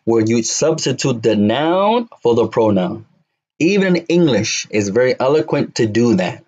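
A man teaching an Arabic lesson, repeating words slowly and drilling phrases to his students. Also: mid-range voice, sing-song, darkish tone, highs cut off. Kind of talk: classroom lesson.

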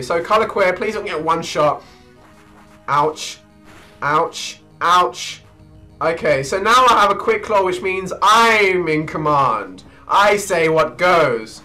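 A young man giving hyper, excitable gameplay commentary, often breaking into shrieks and laughter. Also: high voice, slow pace, soft background music, rough recording. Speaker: let's play gamer.

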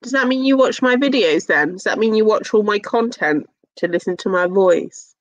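A woman's voice: medium pitch, expressive, normal speed, no room sound, poor audio. A young English woman chatting casually with her live-stream viewers, teasing and swearing, with lots of fillers.

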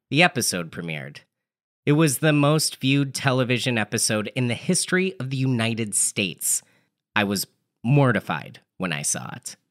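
A man's voice: medium pitch, pushed and bright. A man telling an absurd comedic story in a dry, matter-of-fact manner. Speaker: narrator.

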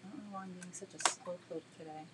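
A woman teaching a live painting demo and answering viewers' questions, chatty and self-deprecating, with many fillers, talking gently while she works. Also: lowish voice, steady tone, quick pace, noisy background. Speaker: art instructor.

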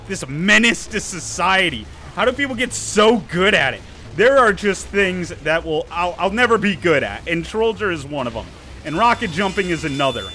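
A man's voice: sits high, big pitch swings, normal speed, pushed and bright, faint music behind. A young man giving casual, playful commentary over his own gameplay, joking and talking to enemy players. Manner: playful, talks to enemy players, jokey asides. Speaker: gaming YouTuber.

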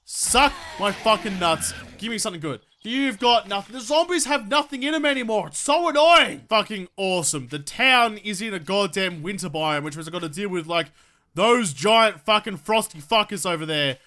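A man's voice: high-pitched, expressive, moderate pace, pushed and bright. A man giving let's play commentary, swearing constantly and ranting in exasperation while talking back to game enemies. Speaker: gaming video creator.

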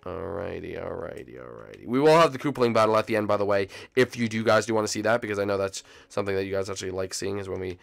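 A man's voice: lowish voice, racing, creaky, hardly any pauses, soft background music. A man hosting a gameplay channel, chatting casually to viewers and yelping at game moments. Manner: excitable, yelps and shouts at game moments; chatty, talks to viewers as "folks".

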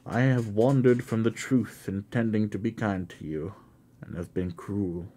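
A man reading a classic novel aloud, voicing a gentle old father who pleads as he confesses. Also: on the low side, measured pace, husky, pitched above the performer's own voice. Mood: remorseful. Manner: pleading, tender.

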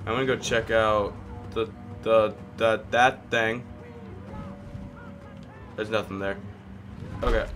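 Slow, bright-voiced man narrating his gameplay. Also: medium pitch. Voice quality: cracky voice. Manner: rambling, talking to himself while playing. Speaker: gaming video host. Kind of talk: casual let's-play commentary.

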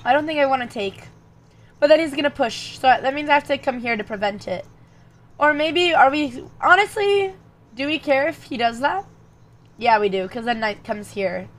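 A young woman with a slightly high voice talks through her chess moves as she streams. She mutters lines and calculations to herself, then turns to chat with her viewers in louder, animated bursts. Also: moderate pace. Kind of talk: thinking aloud while playing chess online.

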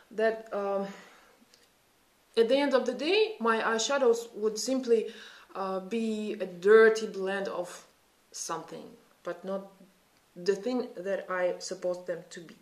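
A woman's voice: medium pitch, fairly even intonation, measured pace. A woman in her thirties with a Russian accent, chatting and thinking aloud while doing a makeup tutorial. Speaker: beauty vlogger. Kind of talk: casual makeup tutorial chat. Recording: echoey room.

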